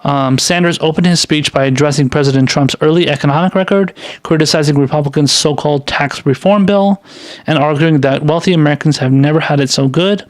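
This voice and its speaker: A man's voice: fairly high pitch, dry recording, clean studio sound. A man hosting a political commentary show, reading news articles aloud and rambling through sarcastic, filler-heavy commentary on them.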